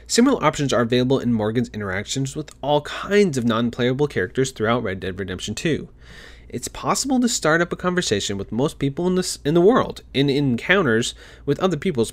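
Excitable man gushing over a game. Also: medium pitch. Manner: excitable, gushing, talks fast with restarts. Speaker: gaming commentator. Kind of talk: reading a game article aloud with commentary.

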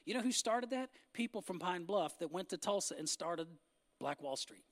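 A man's voice: high-pitched, expressive, moderate pace, long reverb tail. A man, giving a folksy, joking sermon-style talk to a crowd, rising to emphatic bursts. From Arkansas. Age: 50s. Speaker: speaker addressing a church crowd. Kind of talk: humorous sermon-style speech.

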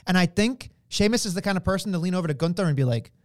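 A man co-hosting a casual podcast chat, animated, dragging out words for emphasis and throwing in playful exclamations. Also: sits high, very fast, no echo, studio quality. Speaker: podcast co-host.

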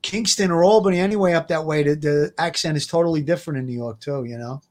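A man's voice: on the high side, quick pace, a little mellow. A man with a Brooklyn accent, co-hosting a casual panel show and cracking jokes. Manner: jokey, chatty. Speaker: co-host.

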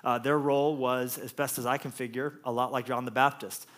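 A man preaching a lively, jokey sermon as pastor, acting out quotes with playful voices. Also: mid-range voice, brisk.

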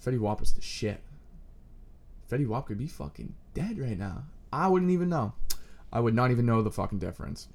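A young man in his twenties, riffing in a crude, self-mocking, scattered comedic monologue with sudden loud outbursts. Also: medium pitch, very animated, a little fast.

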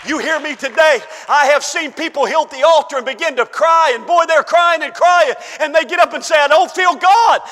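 High-voiced preaching man, echoing church. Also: brisk, few pauses, some chatter behind. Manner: emphatic preaching, swings from shouted peaks to hushed asides; calls out to the congregation. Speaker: pastor. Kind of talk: sermon. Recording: long church-hall reverb.

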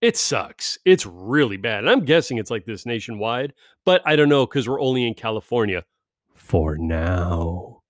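A man's voice: lively intonation, moderate pace, dry recording, studio quality. Sarcastic, foul-mouthed middle-aged man ranting. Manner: sarcastic, swears constantly, mocks others in high put-on voices. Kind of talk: profane comedic rant. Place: California.

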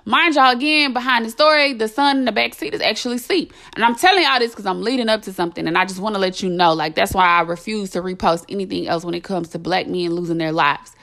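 A woman's voice: medium pitch, fast talker, creaky, hardly any pauses, pushed and bright. A young adult woman hosting a podcast, delivering a blunt, impassioned monologue full of swearing and emphatic repetition. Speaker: podcast host.

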